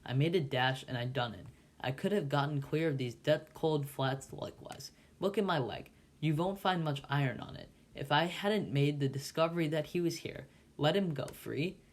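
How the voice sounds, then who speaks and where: A man voicing a desperate, rough-spoken escaped convict who talks with fierce scorn. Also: a little high, moderate pace, few pauses, lightly acted.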